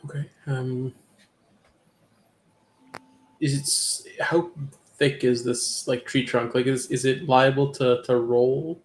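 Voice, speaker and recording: A man taking part in a tabletop game, speaking slowly and hesitantly. His pitch sits in the middle range as he asks questions about the scene. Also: level tone. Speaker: player. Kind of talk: casual tabletop play.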